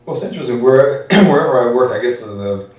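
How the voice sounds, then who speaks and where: A man's voice: medium pitch, animated, quick pace, darkish tone. An older man from Detroit, a law librarian, telling stories from his career in an oral history interview, restarting often as he thinks. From Detroit, USA. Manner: reflective storytelling, frequent restarts and "um"s. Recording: echoey room, distant mic, faint noise.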